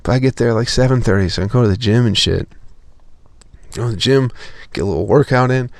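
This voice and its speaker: A man's voice: mid-range voice, fast, creaky, no room sound. A young man telling a profane, exasperated story as a podcast host in a casual comedic rant.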